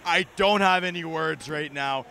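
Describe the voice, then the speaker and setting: High-voiced man ranting. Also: measured pace, vocal fry, a little hiss or hum. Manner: swearing, shouting outbursts, mock heartbroken. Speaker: ranting hockey fan host. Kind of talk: comedic fan rant. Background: music.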